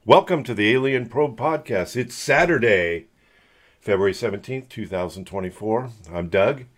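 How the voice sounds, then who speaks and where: A man's voice: fairly low pitch, expressive, moderate pace. A man with a Californian accent, hosting a podcast in a loose, joking, rambling way. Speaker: podcast host.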